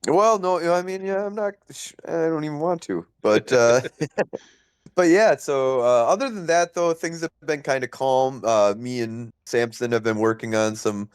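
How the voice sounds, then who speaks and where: A man of middle pitch talks casually on a podcast, telling a gaming story in an animated rush with plenty of fillers and laughs. The sound is close and dry, with no room in it. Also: moderate pace, clean tone, dry recording. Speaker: podcast host.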